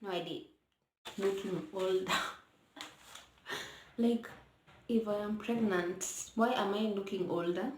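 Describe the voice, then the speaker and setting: A young woman with a Kenyan accent chats through a casual storytime vlog, slipping between English and Swahili. She talks at a medium pitch and sometimes keeps her voice low so the baby won't wake. The home bedroom gives an echoey sound with a faint hiss underneath. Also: slow, pauses often. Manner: chatty, mixes English with Swahili; hushed at times to let baby sleep. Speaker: vlogger. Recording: roomy echo, faint noise.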